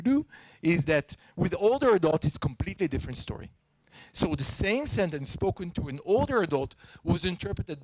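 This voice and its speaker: A man giving a lively conference talk as a panel speaker, sometimes acting out tones of voice. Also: a little high, no room sound, rough recording.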